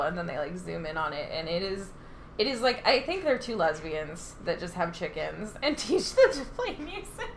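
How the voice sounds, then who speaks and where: A woman's voice: medium pitch, sing-song, normal speed, fairly bright tone, a little hiss or hum. A young woman co-hosting a podcast, chatting casually with lots of fillers, swearing and giggling. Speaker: podcast co-host. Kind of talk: casual chat.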